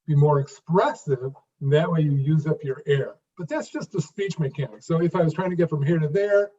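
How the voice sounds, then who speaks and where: Brief: fifties man, interview guest, slightly high voice, halting restarts, distant dull recording. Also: warm tone. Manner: halting restarts, repeats words, then emphatic phrases. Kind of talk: conversational interview.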